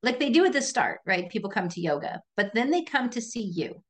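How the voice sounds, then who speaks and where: A woman yoga teacher speaks as a podcast guest in an animated, reflective way. She laughs easily and keeps a casual, conversational tone. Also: a little high, a little fast.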